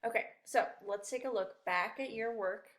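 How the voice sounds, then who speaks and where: A woman's voice: on the high side, moderate pace, a bit bright. A woman teacher going over a worksheet in a remote lesson for young children, patient and encouraging.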